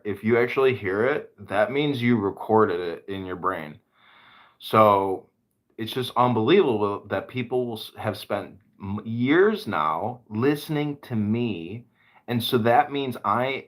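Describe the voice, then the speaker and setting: A man's voice: medium pitch, fairly bright tone. A man hosting a podcast, telling rambling, profane stories in casual chat. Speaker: podcast host.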